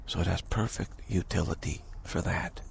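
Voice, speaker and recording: A man giving a slow, contemplative spiritual talk, halting and repeating words, his voice rough with early morning. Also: low-pitched, a little hiss or hum. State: early morning voice, clearing throat. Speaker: spiritual teacher.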